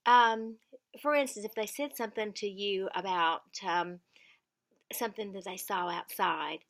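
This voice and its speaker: A woman's voice: mid-range voice, a little slow, a bit bright. A middle-aged woman, giving earnest caregiving tips in a casual vlog and repeating words for emphasis.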